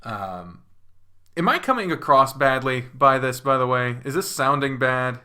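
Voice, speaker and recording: Bright-voiced Southern American man, profane. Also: medium pitch, lively intonation, a little slow. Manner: profane, rambling, self-questioning. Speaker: panel guest. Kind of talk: casual chat.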